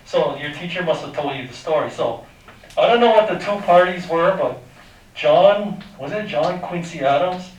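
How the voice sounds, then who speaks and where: A man with a fairly high voice speaks at normal speed while teaching a high school math lesson. His style is informal, with student quizzing and sound effects, and the echoey classroom is recorded from afar.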